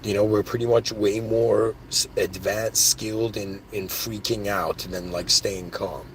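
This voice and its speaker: A man with a fairly low voice talks through spiritual ideas on his own podcast. He rambles and gets excitable, stacking "like" and "dude" as he goes. A faint background noise sits under the recording. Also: a little slow. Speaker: podcast host. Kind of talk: casual spiritual monologue.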